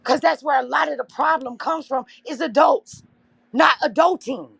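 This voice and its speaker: Impassioned gravelly-voiced woman livestreaming. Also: high voice, normal speed, a bit bright, dry recording. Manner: impassioned, addresses viewers as y'all. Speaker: livestream host. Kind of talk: emotional livestream talk to viewers.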